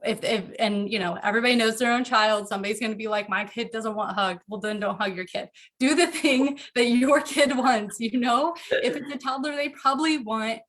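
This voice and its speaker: A woman talking earnestly about parenting in a casual interview from home, animated and quick to laugh. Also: on the high side. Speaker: podcast guest, author.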